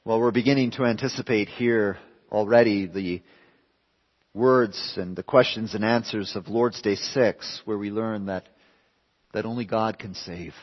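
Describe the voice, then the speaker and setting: A man pastor preaching a sermon with emphatic swings between raised and hushed lines. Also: lowish voice, steady tone, measured pace. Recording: reverberant hall, dull lo-fi sound.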